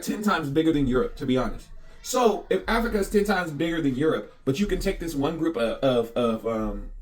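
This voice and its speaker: A young American man in a casual, heated, profane monologue, speaking in quick bursts. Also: fairly high pitch. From United States. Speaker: vlogger.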